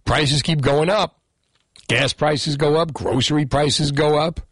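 A man's voice: on the high side, unhurried, a bit bright, breathy edge, dry recording, clean studio sound. A middle-aged man from New Jersey hosting a call-in radio show, putting the same questions to listeners again and again with jokey asides. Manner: repeats questions to invite callers. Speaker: radio talk show host.

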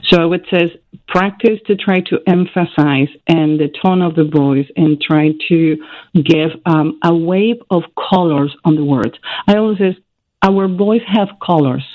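A woman's voice: fairly low pitch, unhurried, no room sound. A woman guest expert giving earnest, coaching advice on a radio call-in. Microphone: phone. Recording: tinny phone line.

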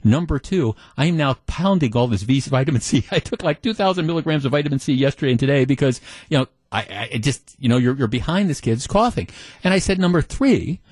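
Animated male talk radio host. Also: medium pitch, fast, breathy edge, dry recording. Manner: animated storytelling, mock-exasperated. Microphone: studio microphone.

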